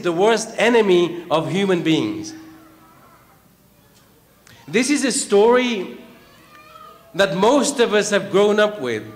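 A man preaching a sermon, chanting verses and then explaining them, repeating phrases for emphasis. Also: high-pitched. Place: large hall at a religious gathering. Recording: long hall reverb.

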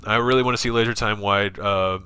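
Bright-voiced, profane man streaming a game. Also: on the low side, fairly even intonation, fairly quick, smooth. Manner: profane, rambling, reads chat aloud. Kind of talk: casual gaming stream commentary. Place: home apartment.

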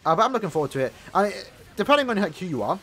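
A young-sounding gaming host with a sore throat races through his chatter in a high, fairly bright voice with big pitch swings. He rambles casually with heaps of fillers while playing a mobile game, over a little hiss or hum.

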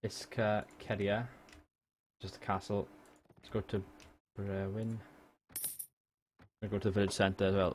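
A man's voice: fairly low pitch, little pitch movement, unhurried, long pauses, darkish tone. A young man from Wales streaming a strategy game, chatting casually, swearing and joking with his viewers. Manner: chatty, swears, talks to chat and jokes. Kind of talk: casual gaming livestream commentary. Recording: faint background noise.

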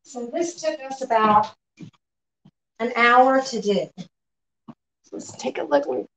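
A woman running a live painting demo in her art studio, relaxed and often murmuring to herself as she works. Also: on the high side, measured pace, gravelly, slight background noise, low-quality recording. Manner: relaxed, talks to herself while working, often quiet and off-mic. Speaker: painting instructor.

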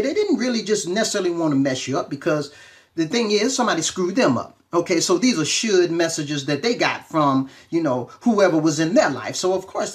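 A man, a reverend and self-help speaker, gives an animated, chatty motivational talk on a live stream, greeting viewers and checking in with them often. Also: high voice.

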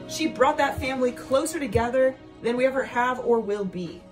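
A woman's voice: sits high, normal speed. A woman comedian telling a story in a sassy, campy way, stretching words out for emphasis. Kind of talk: storytelling stand-up. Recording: music playing behind.

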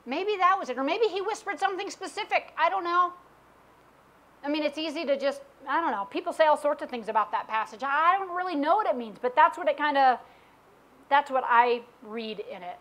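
High-voiced woman preaching candidly. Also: animated, a little fast, fairly bright tone. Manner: candid, self-questioning Bible teaching with acted quotes. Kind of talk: sermon.

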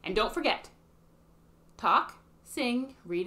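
A woman's voice: on the high side, animated, slow, pauses often, bright, forceful tone. Woman leading a kids' sing-along. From Canada. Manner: sings simple children's songs, chatty asides to kids. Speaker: early years program leader. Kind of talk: children's song and rhyme circle. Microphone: webcam or phone.

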